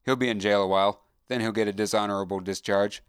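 A man's voice: fairly low pitch, fairly even intonation, fast, clear, resonant tone, no room sound, lightly acted. A man voicing an army sergeant who speaks in a dry, matter-of-fact way.

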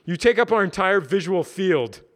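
A man's voice: sits high, animated, normal speed, pitched above the performer's own voice. A man doing a sneering, bratty young coworker. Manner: taunting, mouth full.

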